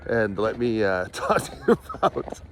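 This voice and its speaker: A man's voice: on the low side, big pitch swings, measured pace, a little hiss or hum. A man doing sarcastic commentary for his vlog while walking outdoors through the woods, mocking in tone with chuckling asides. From Canada. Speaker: vlogger.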